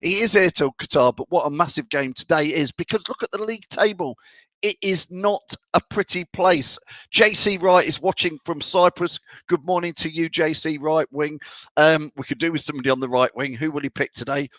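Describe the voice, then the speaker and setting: A man's voice: on the high side, fairly quick, a bit bright, no echo. A man hosting a fan show, reading out viewer comments and bantering in a chatty way. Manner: chatty, banter-filled, laughs often. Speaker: fan channel show host.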